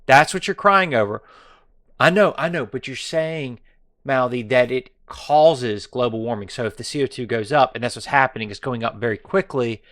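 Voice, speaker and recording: A man's voice: mid-range voice, normal speed, a bit bright, no echo, studio quality. A man hosting a political commentary monologue, sarcastic and mocking, taunting his viewers and now and then dropping to a whisper for effect. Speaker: commentary show host.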